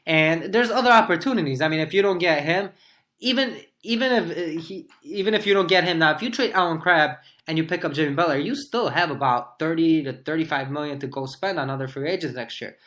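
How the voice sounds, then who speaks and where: A man co-hosting a sports podcast, thinking aloud in casual debate as he pitches hypothetical trades. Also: a little fast, fairly bright tone. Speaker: podcast co-host.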